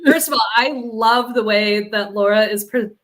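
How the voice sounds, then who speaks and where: A podcast co-host with a mid-range voice and fairly even intonation chats casually at a moderate pace. She tells stories and laughs often.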